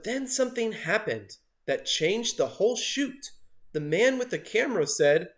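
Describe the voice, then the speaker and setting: Man reading a storybook, high voice, big swoops in pitch, unhurried, expressive character voices. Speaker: storybook reader. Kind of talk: animated picture-book read-aloud.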